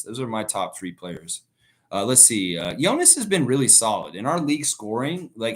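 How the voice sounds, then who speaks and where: A man's voice: medium pitch, a bit bright. Chatty man hosting a live reaction stream. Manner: chatty, rambling, reads viewer comments aloud. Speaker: livestream host reading chat. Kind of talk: casual live reaction chat.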